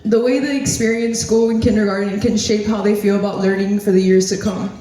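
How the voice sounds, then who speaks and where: A woman's voice: mid-range voice, fairly even intonation, fairly quick, mellow, a little hiss or hum. Woman giving a tearful speech in an echoey hall. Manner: tearful, laughing nervously, earnest. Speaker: former student giving a speech. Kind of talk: emotional tribute speech, partly read. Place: hotel banquet hall. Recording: very echoey hall, voice picked up from far off.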